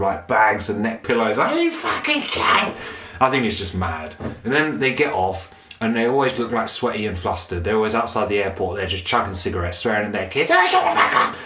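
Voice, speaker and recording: A low-voiced man riffs through a sweary, mocking comedy rant, now and then slipping into quick caricature voices. The sound bounces around an echoey room. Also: fairly bright tone, slight background noise. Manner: sweary, mocking, puts on brief voices of tourists. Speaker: comedic commentator.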